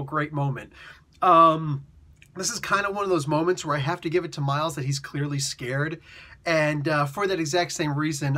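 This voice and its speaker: Man, comic reviewer, casual chat, animated, fairly high voice. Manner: animated, acts out characters in quick voices; chatty, with many fillers and restarts.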